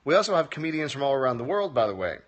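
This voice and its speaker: Racing along in a sing-song, mid-range voice that is slightly rough, with the highs cut off, a man hosts a casual phone-livestream Q&A as a comedy teacher. He reads viewers' comments aloud and answers with dry, wry jokes.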